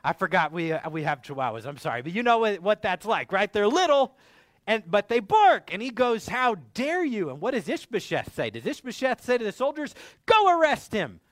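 A man preaching a sermon in an animated way, acting out the dialogue of biblical figures in different voices. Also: high-pitched, fairly quick, dry recording. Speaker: pastor.

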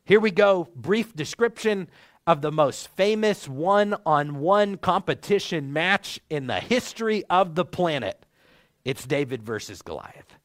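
A young man preaching a sermon, teaching the text in a measured, clear way with rising and falling inflection. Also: fairly high pitch, expressive, no room sound, studio quality.

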